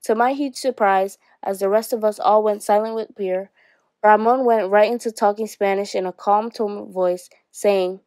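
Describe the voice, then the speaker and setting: A woman teacher reading a novel aloud to her class in a steady storytelling manner. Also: mid-range voice, normal speed, no room sound.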